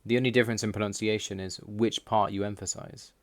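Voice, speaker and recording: A man giving a scripted voice-over explanation, reading out word lists slowly and in a measured way. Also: on the low side, little pitch movement, no room sound. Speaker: language learner explaining Russian.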